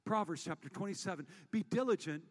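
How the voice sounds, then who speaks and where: A man preaching a sermon as pastor, moving between hushed storytelling and loud, rallying calls to the congregation. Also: high-pitched, expressive, fast talker, in a large hall. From United States.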